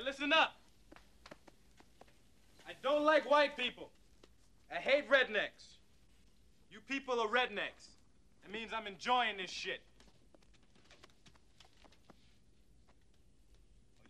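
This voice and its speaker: A man's voice: sits high, animated, unhurried, pauses often, sharp tone, heavily acted. An actor playing a brash, profane convict bluffing his way as a cop, in a film scene. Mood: taunting. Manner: cocky, profane, taunting. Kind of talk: film acting. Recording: film soundtrack with music.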